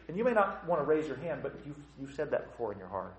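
A man's voice: mid-range voice, fast, few pauses. A man preaching a sermon as pastor, blunt and conversational, acting out the doubting voices of his congregation and asking the room questions. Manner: animated, acts out the voices of troubled churchgoers. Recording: roomy church reverb.

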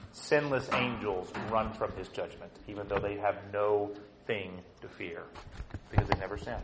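Male preacher, mid pitch, emphatic sermon delivery with loud-to-hushed swings, faint noise floor.

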